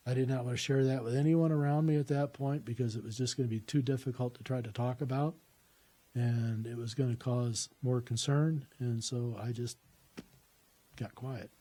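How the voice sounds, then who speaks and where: A man's voice: mid-range voice, fairly even intonation, normal speed, warm tone. A man telling a personal story in a conversational way, recounting what people said to him.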